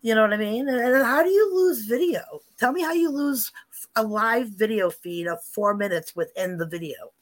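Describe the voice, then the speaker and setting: A woman's voice: fairly high pitch, lively intonation, moderate pace. A woman in casual chat, animatedly telling paranormal stories with lots of repetition and asides.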